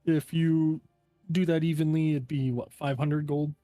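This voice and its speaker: A man acting as game master, explaining a contract to the players in a relaxed, halting way with many fillers. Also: on the high side, no echo, faint music behind. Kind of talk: narrating a tabletop game.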